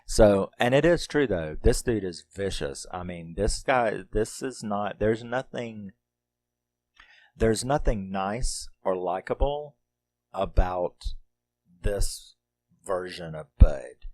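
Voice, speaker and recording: A man's voice: on the low side, lively intonation, slow pace, a little mellow, no echo. A middle-aged man reviewing a horror movie in casual, rambling talk, laughing often and swearing freely.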